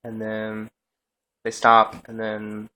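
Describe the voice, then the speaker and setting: A man's voice: lowish voice, monotone, slow pace, sharp tone. A young man casually recapping a TV episode, rambling through scenes with lots of "he's like" retellings. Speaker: TV episode reviewer.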